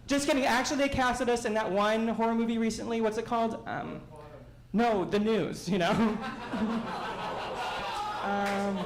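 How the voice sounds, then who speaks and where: A man doing a stand-up set, telling stories in an animated, self-mocking way at a small live venue. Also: high voice, normal speed, pauses often, echoey room, crowd noise, rough recording. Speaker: stand-up comedian.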